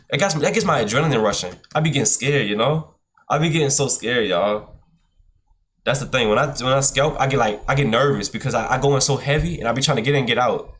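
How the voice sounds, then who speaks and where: A man's voice: medium pitch, fairly bright tone. A man commentating his own futures trades on a live stream, talking casually to his chat with slang and much repetition. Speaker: livestream day trader.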